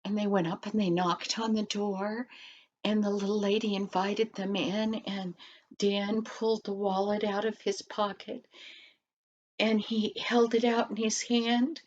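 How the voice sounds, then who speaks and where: Slow, gentle older woman telling a story. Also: medium pitch, little pitch movement. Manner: slow, gentle storytelling, asking the listener questions. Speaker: grandmother storyteller. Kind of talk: bedtime story narration. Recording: dull lo-fi recording.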